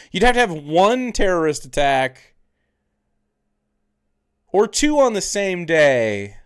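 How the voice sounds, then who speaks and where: A man's voice: a little high, clear, resonant tone, no echo, clean studio sound. A man streaming, reacting to videos and mocking chat in a sarcastic, profane casual chat.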